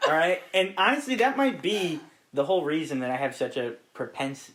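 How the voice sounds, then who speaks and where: A man's voice: a little high, a little fast, a bit bright. A man from Ohio, a guest on a podcast, chatting casually, laid-back, swearing freely and often laughing. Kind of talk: casual chat.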